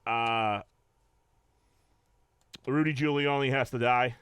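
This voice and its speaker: A man's voice: medium pitch, steady tone, takes it slowly, fairly bright tone, clear, resonant tone, dry recording. A man hosting a casual podcast, telling stories in a loose, laid-back way with lots of fillers. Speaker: podcast host.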